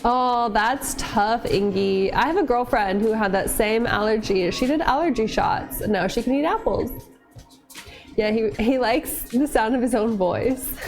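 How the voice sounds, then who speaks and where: A woman's voice: on the high side, moderate pace, faint music behind. A woman chatting casually with viewers while cooking in her home kitchen, laughing often and cooing at her dog. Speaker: streamer cooking on camera.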